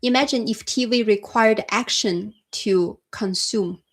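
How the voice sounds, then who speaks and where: A woman from China with a Chinese accent, hosting a casual livestream chat and answering viewers' comments in a soft-spoken way, often calling them her friend. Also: mid-range voice, unhurried. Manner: soft-spoken, frequent restarts and laughs, addresses viewers as my friend. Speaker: livestream host.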